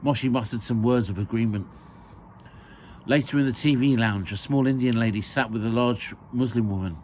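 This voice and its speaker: A man's voice: mid-range voice, normal speed, darkish tone, slight background noise. A man reading his own memoir aloud, hesitant with fillers and a dry sense of humour.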